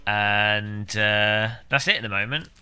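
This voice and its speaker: A British man chatting casually with viewers on a game stream, rambling and cracking deadpan, absurd jokes. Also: on the low side, a little slow, clean tone, faint music behind. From United Kingdom. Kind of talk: casual live-stream chat.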